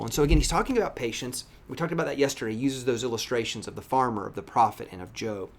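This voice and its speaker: Lively man giving a devotional. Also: mid-range voice, quick pace, few pauses. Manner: lively, emphatic preaching with scripture reading. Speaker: pastor. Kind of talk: devotional teaching.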